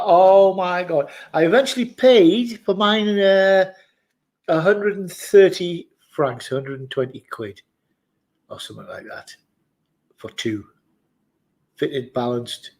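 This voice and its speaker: A man's voice: a little high, low-quality recording. A man at his office desk, chatting casually to camera in a jokey, rambling way with muttered asides. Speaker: vlogger.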